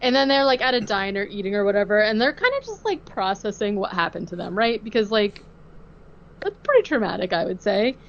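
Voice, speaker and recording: A woman's voice: medium pitch, animated, fairly quick, muffled recording, a little hiss or hum. A woman hosting a podcast, recapping a film in casual chat, full of "like" fillers and easy laughs. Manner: chatty, filler-heavy, laughs easily. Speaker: podcast host.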